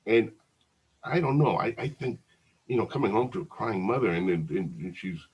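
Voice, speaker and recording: A man's voice: fairly low pitch, normal speed, breathy edge, muffled recording. A man teaching a psychology lecture in a conversational way, often restarting and repeating words. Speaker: psychology instructor. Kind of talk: recorded lecture.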